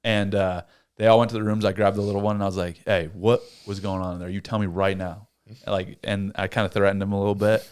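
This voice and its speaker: A man's voice: fairly low pitch, fast, smooth. A young man, a podcast host, telling a story in casual chat and acting out the voices in it. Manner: animated storyteller, acts out voices.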